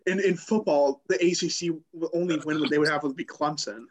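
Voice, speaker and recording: A man co-hosting a casual sports podcast, quick and teasing in his back-and-forth. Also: fairly high pitch, fairly even intonation, a crowd in the background, low-quality recording. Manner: quick, teasing, restarts lines.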